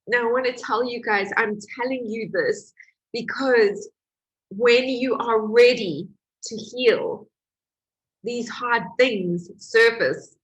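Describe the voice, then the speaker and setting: A woman who is a healing coach, telling her own story in an emotional, animated way with laughs. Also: on the high side, takes it slowly, slightly rough, dull audio. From Portugal. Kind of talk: personal testimony to camera.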